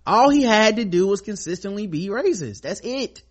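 A man's voice: high voice, big pitch swings, normal speed. A man co-hosting a casual podcast, reading listener mail and talking bluntly and profanely.

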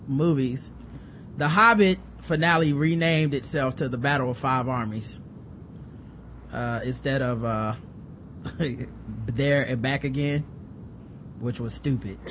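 A man co-hosting a casual talk show, animated and profane, acting out characters as he rants. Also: medium pitch, slow, long pauses, a little hiss or hum. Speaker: podcast co-host. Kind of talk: casual chat.

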